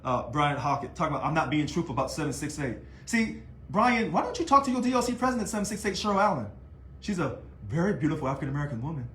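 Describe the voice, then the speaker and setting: A man talking to camera in a casual video monologue about his union work, animated and taunting, full of rhetorical questions. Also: fairly high pitch, quick pace. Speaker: union leader. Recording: echoey room.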